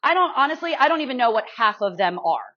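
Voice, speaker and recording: A guest speaker teaching social media to real estate pros gives a live workshop demo in a meeting room, chatty and self-deprecating, checking in with her audience again and again. Her fairly high voice is very animated, quick, bright and forceful, with a muffled lo-fi sound.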